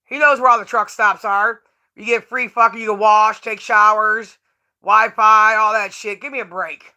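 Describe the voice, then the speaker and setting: A woman's voice: mid-range voice, steady tone, moderate pace, bright, forceful tone, muffled recording. A woman streamer who rants with profane, scornful commentary. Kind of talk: ranting live stream commentary.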